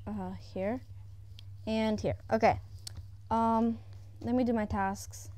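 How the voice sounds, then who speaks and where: A woman at home giving casual, excitable commentary as she plays a video game. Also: mid-range voice. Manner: excitable, exclaiming often, chatting to herself. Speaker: gaming YouTuber. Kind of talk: casual let's-play commentary.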